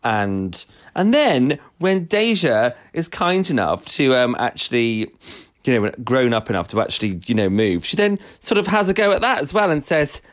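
Man, casual podcast co-host, rambling, laughs a lot, mid pitch. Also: very animated, normal speed. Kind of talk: casual chat.

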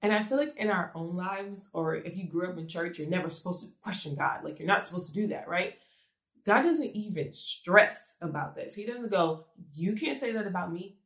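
A woman's voice: lowish voice, moderate pace, a bit bright. Earnest woman preaching in an echoey room. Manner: earnest, conversational, full of rhetorical questions. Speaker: speaker giving a devotional message. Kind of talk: conversational sermon.

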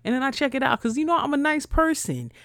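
A young woman from New ranting bluntly as a podcast host, swearing freely and her voice jumping loud and high when she gets riled. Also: sing-song, fast talker, dry recording, studio quality. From New York, USA. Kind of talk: casual ranting monologue.

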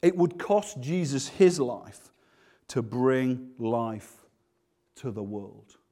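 A man preaching a sermon, swinging between loud, emphatic passages and hushed, slow ones. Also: medium pitch, expressive.

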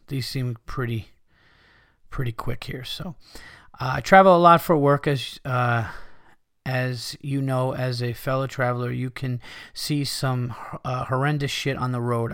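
A man hosting a casual podcast tells stories and reacts to listener emails, swearing freely and laughing a lot. His mid-pitched voice is smooth and crisp, recorded dry and close on a studio mic. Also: dry recording. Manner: profane, laughing, animated storyteller. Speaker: podcast host.

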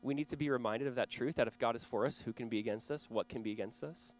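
A man's voice: mid-range voice, fast, faint music behind. A man in his thirties preaching a sermon as pastor, conversational and earnest, with small laughs and restarts.

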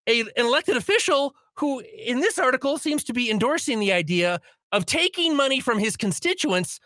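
A man's voice: sits high, sharp tone, no room sound. A man in his late forties, a radio talk show host giving a heated, sarcastic political commentary in a studio. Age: 40s. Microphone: studio microphone.

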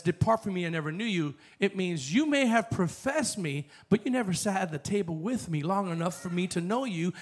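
A man preaching a sermon as pastor, moving from chatty asides to fervent, rising exhortation. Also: sits high. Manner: conversational, builds to fervent shouting.

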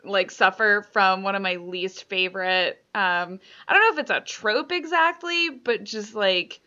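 A woman's voice: mid-range voice, unhurried, bright, forceful tone, dull audio. A woman co-hosting a casual podcast chat, talking freely with frequent laughs and fillers. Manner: chatty, laughs often, many fillers. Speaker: podcast co-host.

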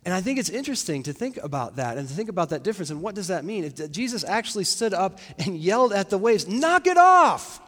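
A man's voice: high-pitched, big-room sound. A man preaching a sermon in a conversational, reflective way, with fillers and restarts, in a church.

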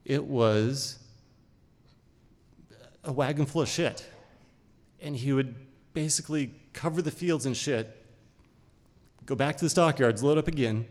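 A middle-aged man from Idaho telling a personal story in a conversational, unhurried way, with short phrases and pauses. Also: mid-range voice, a little mellow. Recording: long reverb of a large hall.

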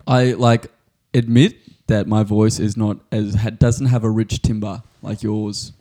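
A man's voice: fairly low pitch, little pitch movement, measured pace, warm tone. A man co-hosting a comedy podcast, joking and self-deprecating in casual banter. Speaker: podcast co-host.

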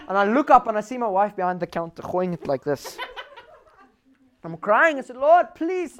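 A man with a South African accent preaching a sermon, telling lively personal stories and mixing Afrikaans words into his English. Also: high-pitched.

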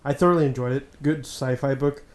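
Brief: male guest, mid-pitched voice, chatty, laughs as he tells stories. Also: a little fast. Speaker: podcast guest. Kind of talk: casual chat.

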